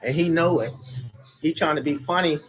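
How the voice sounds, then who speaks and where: A guy streams live on his phone from bed at home under a cover, rambling casually with viewers in a kinda high, slightly bright voice at normal speed. He's annoyed, cussing and venting, yet sweet-talks his viewers, while faint music drifts in from another room over the low-quality recording.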